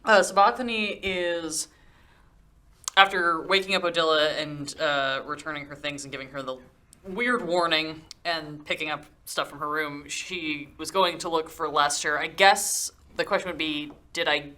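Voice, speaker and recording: Woman, tabletop player, low pitch, bright tone, rambling and thinking aloud. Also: fairly even intonation, moderate pace. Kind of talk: describing her character's actions at a game table.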